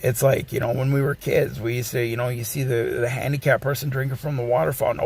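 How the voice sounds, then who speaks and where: A man's voice: mid-range voice, little pitch movement, quick pace, vocal fry, few pauses. A man in his forties, a streamer, ranting bluntly and casually, swearing and circling back with restarts. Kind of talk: casual rant.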